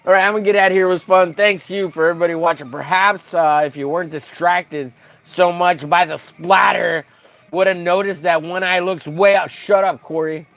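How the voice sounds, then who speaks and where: A man's voice: sits high, steady tone, brisk, vocal fry, fairly bright tone, dry recording, dull audio, soft background music. A young man chatting on a casual painting livestream, rambling and joking crudely while reading the chat aloud.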